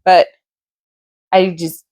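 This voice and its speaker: A woman in a casual reading wrap-up vlog, her voice sitting a little low. She gushes about books she loved and rambles on in a chatty, friendly way. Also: flat delivery, very slow, a little mellow. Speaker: book vlogger.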